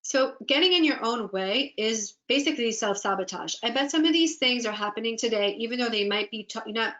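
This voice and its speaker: A woman coach leads a webinar, speaking in a fairly high voice that is earnest and encouraging. She often voices listeners' inner doubts aloud, as if quoting them, over a video call. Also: expressive, fairly quick, sharp tone, dull audio. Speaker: business and life coach. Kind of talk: webinar workshop presentation.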